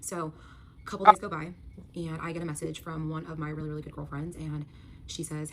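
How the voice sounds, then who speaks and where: A woman telling her personal story in a quick, breathless storytime monologue. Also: low voice, level tone, fairly bright tone. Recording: noisy clip.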